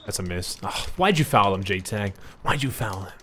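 A man's voice: on the low side, animated, normal speed, a bit bright, a little hiss or hum. A young man streaming a video game live, swearing in frustration and ranting as a baby cries over the voice chat. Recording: music playing behind. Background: game music and a baby crying.

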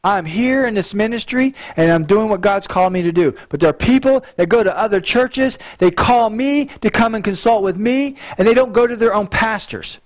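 Pastor guy preaching, pretty high voice, earnest, trips over his words a lot. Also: normal speed, few pauses. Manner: earnest, repeats words when he stumbles. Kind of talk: sermon.

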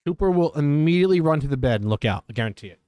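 A man giving casual gameplay commentary as a streamer, chatty and quick to exclaim, breaking off to talk to his dogs. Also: fairly high pitch, lively intonation, mellow, clear, resonant tone, dry recording, studio quality. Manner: chatty, exclaims often, talks to his dogs between game remarks. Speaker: gaming streamer.

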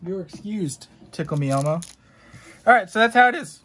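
A young man runs a casual card-unboxing stream, addressing chat with rambling jokes and lots of cursing. The voice is fairly high and fairly bright, animated, at a moderate pace broken by long pauses.

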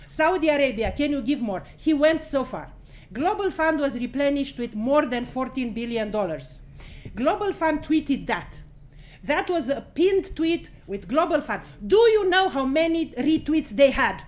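Outspoken high-voiced woman addressing the press. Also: measured pace. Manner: blunt, outspoken, swears freely; animated and outraged, laughing between points. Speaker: speaker at a press conference. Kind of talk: impassioned press conference address.

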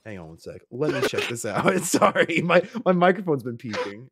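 Loud, profane young gaming commentator. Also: male voice, medium pitch, big pitch swings, moderate pace, crowd noise. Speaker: gaming streamer. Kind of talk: casual gameplay commentary. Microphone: home microphone that peaks.

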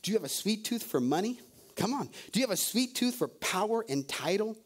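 A man's voice: sits high, lively intonation, a little fast, slightly rough. A male pastor preaching a sermon, firing off rhetorical questions and calling out to the congregation. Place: church service.

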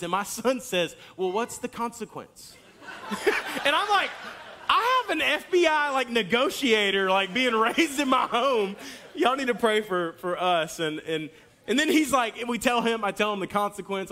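A man in his thirties preaching a sermon in a church, telling a family story with animated delivery and acted-out lines. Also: very high-pitched, normal speed. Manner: animated storytelling, acts out hollering and kids' lines. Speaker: pastor. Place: church sanctuary.

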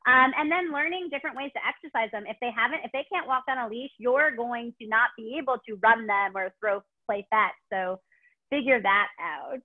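A woman's voice: a little high, a little fast. A woman with a Chicago accent, a dog trainer answering webinar questions in a gushing, rambling way with many ums. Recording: tinny phone-like call audio.

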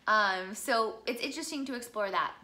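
A woman's voice: mid-range voice, moderate pace, pushed and bright. A young woman from the Midwest teaching a singing lesson, chatty and encouraging as she walks through vocal exercises. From American Midwest.

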